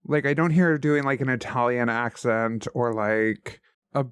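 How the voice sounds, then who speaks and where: A man's voice: mid-range voice, moderate pace, smooth, dry recording. A man co-hosting a podcast, chatting casually and animatedly about books and shows. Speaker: podcast co-host. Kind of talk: casual chat.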